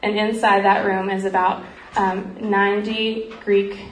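A woman earnestly telling a missionary story in a heartfelt talk, often pausing with "um" and growing emotional. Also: medium pitch, little pitch movement. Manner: earnest, frequent ums, grows emotional. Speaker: speaker sharing a missionary story. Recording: roomy echo, faint background noise.

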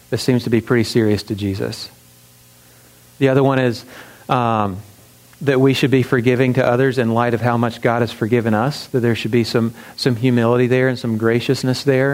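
A pastor giving a sermon, retelling a parable in a conversational way, with emphatic repetition and plenty of fillers. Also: male voice, medium pitch, a little mellow, rough recording. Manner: frequent fillers and restarts.

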